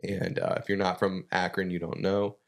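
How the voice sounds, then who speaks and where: A man, a father co-hosting a casual podcast in a relaxed, easygoing way. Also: low-pitched, moderate pace, gravelly. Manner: relaxed, easygoing, enthusiastic recommendations. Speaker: podcast co-host. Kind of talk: casual chat.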